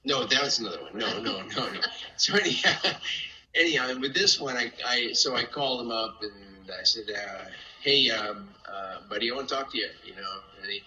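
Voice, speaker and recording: An older man telling casual stories with animated delivery, laughing often and acting out voices. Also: fairly low pitch, normal speed, roomy sound, low-quality recording. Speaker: family friend telling stories. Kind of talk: casual storytelling.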